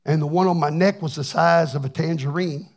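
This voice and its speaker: A man's voice: on the high side, fairly quick. A man preaching a plainspoken, folksy testimony sermon, often repeating words as he restarts. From Texas. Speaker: pastor.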